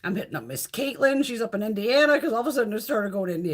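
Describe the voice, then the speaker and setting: Woman, middle-aged, livestream host, profane casual chatter, husky voice. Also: a little high, big pitch swings, fast. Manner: chatty and profane, reads out viewer comments. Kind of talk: casual live chat.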